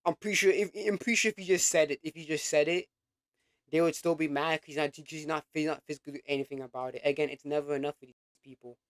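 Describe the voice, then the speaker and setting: A young man's fairly high voice, dry and close to the mic, as he reacts to a clip. He swears freely, repeats himself, and sounds exasperated. The delivery is casual and blunt. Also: steady tone, fast talker, no echo. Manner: blunt, profane, exasperated, repetitive. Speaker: reaction video host.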